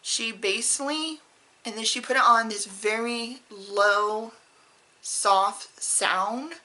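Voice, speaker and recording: Bright-voiced woman chatting candidly. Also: mid-range voice, rough recording. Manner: rambling, candid and personal. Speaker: beauty vlogger. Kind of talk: casual chat to camera.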